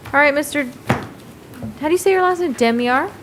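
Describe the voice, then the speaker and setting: A woman judge runs a bond hearing in a courtroom, her voice sitting a little high. She reads conditions in a brisk, procedural way, slowing to spell them out. A faint hum of room noise sits behind her.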